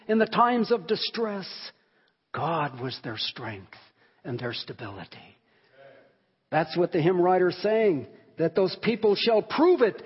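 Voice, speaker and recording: A man preaching a sermon on a hymn, earnest and emphatic, rising and falling in volume as he stresses words. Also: high voice. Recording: long hall reverb, dull sound.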